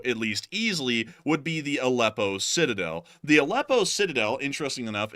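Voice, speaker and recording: Male host, bright voice, casual and joking war commentary, dry close mic. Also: medium pitch, no room sound. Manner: joking, animated, drops into mock voices.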